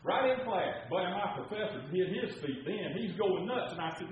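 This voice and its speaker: A man's voice: high-pitched, animated, moderate pace, few pauses, highs cut off, a little hiss or hum. A man preaching a sermon in a folksy storytelling way that gets worked up.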